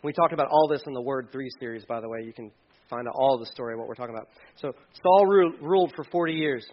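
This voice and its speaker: A man preaching a sermon, animated and humorous, acting out scripture lines in his own voice. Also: medium pitch, fast talker, lo-fi sound. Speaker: pastor.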